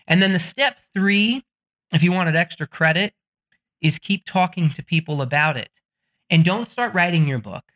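Blunt, bright-voiced man giving a pep talk. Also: sits high, expressive, normal speed. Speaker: podcast guest. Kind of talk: motivational talk.

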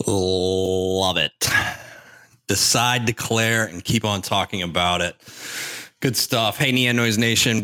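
A man, a podcast host, wrapping up the episode with an upbeat, brisk sign-off. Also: low voice, pushed and bright. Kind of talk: show outro. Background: faint music.

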